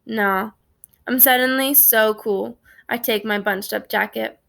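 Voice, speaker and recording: Brief: woman reader, storybook read-aloud, gravelly voice, pitched fairly high. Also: a little slow. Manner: steady first-person narration.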